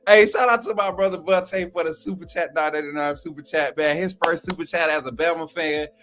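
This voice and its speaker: A man hosting a fan live stream, talking like a preacher, calling out to viewers, shouting and laughing often. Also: fairly high pitch, fairly even intonation, a little fast. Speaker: sports channel host. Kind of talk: live-stream chat, mock preacher call.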